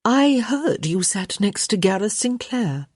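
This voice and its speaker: A woman's voice: mid-range voice, expressive, measured pace, a little mellow, slightly rough, no room sound, clean studio sound, pitched above the performer's own voice. A woman voicing a middle-aged society mother who frets about her daughter's marriage, insistent and coaxing.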